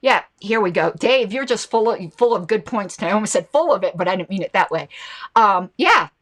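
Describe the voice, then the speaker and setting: A woman's voice: medium pitch, animated, moderate pace, fairly bright tone. A woman hosting a political commentary show, talking casually and reacting to viewer comments and ads. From United States.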